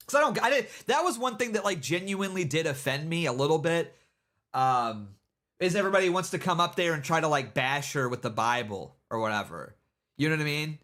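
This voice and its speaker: A man's voice: fairly high pitch, very animated, a little fast, a bit bright. A man hosting a livestream, giving casual, rambling commentary and mocking people, with many repeated "you know what I mean"s. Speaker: livestream host.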